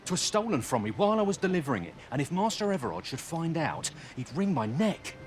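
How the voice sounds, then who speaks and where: A desperate male courier in a fantasy game, begging in archaic words. His pitch rises and falls widely, with a faint hiss under the game audio. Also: very animated, fairly quick. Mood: worried. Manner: pleading, old-fashioned speech. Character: anxious male courier fearing his cruel master.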